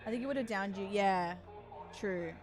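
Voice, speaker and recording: A woman's voice: medium pitch, normal speed, over music. A young woman streaming a game, chatting casually with viewers, reacting aloud and swearing now and then. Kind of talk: casual gaming stream chat.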